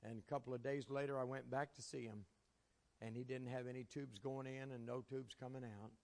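A man's voice: medium pitch, steady tone, a little fast, gravelly, a little mellow. A man preaching a sermon, telling folksy stories from his ministry with chuckles. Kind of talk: sermon storytelling. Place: church sanctuary. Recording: long reverb of a large hall.

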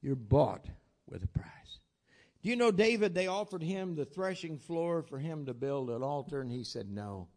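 Older male preacher, high voice, folksy storyteller who swings loud to soft. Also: normal speed, few pauses. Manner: folksy storytelling with plain southern-style grammar; swings from loud exclamations to low asides. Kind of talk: sermon.

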